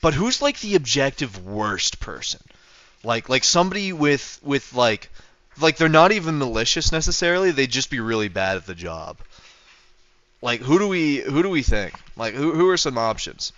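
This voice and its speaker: A man's voice: medium pitch, big pitch swings, moderate pace, fairly bright tone, no echo, dull audio. A man from North America chatting casually on a livestream, rambling with lots of fillers and restarts. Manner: rambling, full of fillers and restarts, chuckling often. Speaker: streamer.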